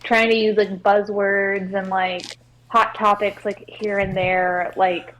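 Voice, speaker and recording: A woman's voice: mid-range voice, flat delivery, slow pace, a bit bright, slight background noise, poor audio. A woman co-hosting a podcast, chatting casually about games and hesitating through constant filler words. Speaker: podcast co-host.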